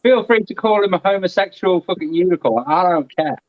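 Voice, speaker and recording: Chatty guy on a video call, slightly high voice, muffled lo-fi audio. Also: brisk, dry recording. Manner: chatty and animated. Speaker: guest. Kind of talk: casual live-stream chat.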